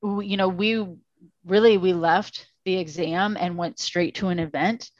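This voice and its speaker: A woman co-hosting a podcast in casual chat, tired and gravelly voiced, rambling with lots of fillers and restarts. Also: lowish voice, fairly even intonation, a little slow, dry recording, muffled recording. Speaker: podcast co-host.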